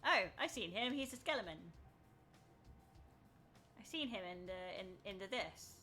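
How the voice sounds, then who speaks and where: A woman's voice: medium pitch, lively intonation, unhurried, sharp tone, soft background music. A woman streaming a video game, chatting casually, laughing at herself and reading the game's text aloud. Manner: chatty and self-mocking, often laughing.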